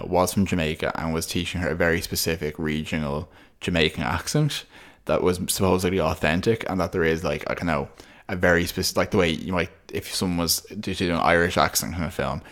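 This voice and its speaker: Guy with a really low voice breaking down a tv episode on a podcast, chatty, keeps restarting sentences. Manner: talkative, thoughtful, many restarts. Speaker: podcast co-host. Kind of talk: casual analytical chat.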